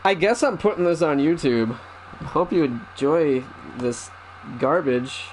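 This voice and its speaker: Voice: medium pitch, animated, unhurried, slight background noise, low-quality recording. A streamer chatting casually while opening a parcel, wry and self-mocking, with casual swearing. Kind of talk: casual unboxing chat.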